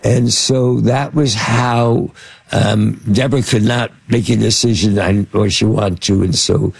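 A man's voice: on the low side, fairly even intonation, unhurried, gravelly, slightly rough, no echo. A man telling rambling anecdotes as an interview guest, full of fillers and restarts. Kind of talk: anecdotal storytelling.

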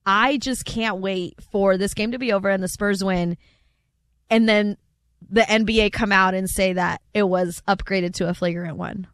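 A woman's voice: medium pitch, steady tone, normal speed, clean tone, dry recording. A woman co-hosting a sports radio show, teasing her partner and repeating her points with playful insistence. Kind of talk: casual sports talk.

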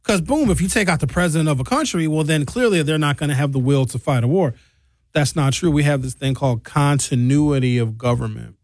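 A man's voice: a little high, fairly quick, no echo. A man giving a blunt, sarcastic comedic political rant.

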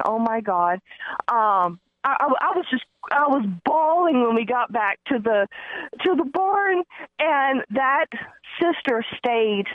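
A woman calling in to a radio show, telling a heartfelt story with many ums and restarts. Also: on the high side. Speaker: caller. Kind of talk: casual phone-in chat. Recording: muffled dry phone line.

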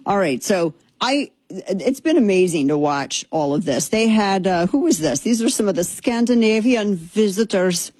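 A woman's voice: medium pitch, lively intonation, moderate pace, few pauses, darkish tone, husky, no echo. A woman hosting a commentary show, talking in a chatty, sarcastic, rambling way. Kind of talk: opinionated political commentary.

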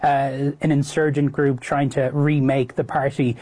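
A man reporting in a news interview, answering in a measured, hedging way. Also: medium pitch, flat delivery, dark tone.

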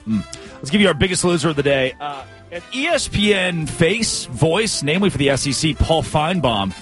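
A man's voice: on the high side, big pitch swings, normal speed, fairly bright tone, soft background music. A man hosting a morning sports talk radio show with a brash, hyped-up delivery.

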